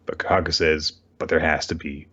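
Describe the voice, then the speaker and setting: Deep-voiced man recapping casually. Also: normal speed, dull audio. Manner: animated, swearing, laughing, acting out character lines. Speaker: podcast host. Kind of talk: casual manga recap chat.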